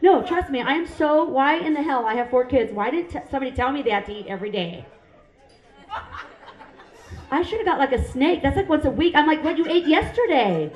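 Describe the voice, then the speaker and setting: High-voiced woman from Hawaii doing stand-up. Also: animated, a little fast. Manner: punchy, self-mocking, chatty with the crowd. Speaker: stand-up comedian. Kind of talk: stand-up comedy. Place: comedy club stage. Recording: roomy club sound.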